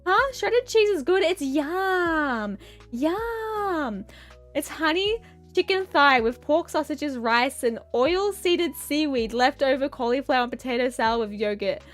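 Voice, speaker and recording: A woman's voice: high voice, lively intonation, measured pace, soft background music. A young woman streaming, rambling playfully and goofily as she chats with her viewers. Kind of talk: casual chat reading viewer comments.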